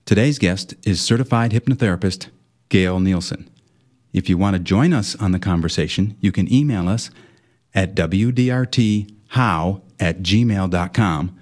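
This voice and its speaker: A man announcing a radio talk show from a script, measured as he reads out the phone numbers. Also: deep voice, darkish tone.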